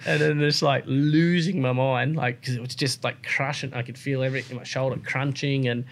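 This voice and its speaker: A man's voice: medium pitch, steady tone, fairly quick, creaky, few pauses. An Australian man, a racer guest, telling his story in casual interview chat with lots of fillers and restarts. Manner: rambling, many fillers and restarts.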